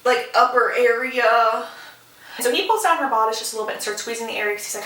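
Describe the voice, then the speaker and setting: Chatty, opinionated woman doing a book recap; high, bright voice; echoey room, set back from the mic. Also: quick pace, recorded from a distance. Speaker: book vlogger. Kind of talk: casual plot recap.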